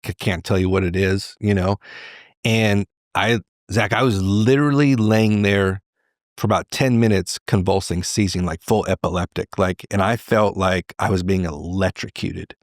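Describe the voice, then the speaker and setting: A middle-aged man, a podcast guest, telling a candid personal story in an animated way. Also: low-pitched, moderate pace, no echo, clean studio sound. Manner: animated, acts out quoted voices.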